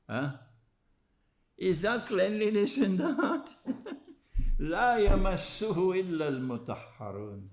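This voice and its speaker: A male Islamic lecturer delivers an animated religious lecture, posing rhetorical questions and prodding listeners with "huh?". His voice is high-pitched and a little slow, with long pauses.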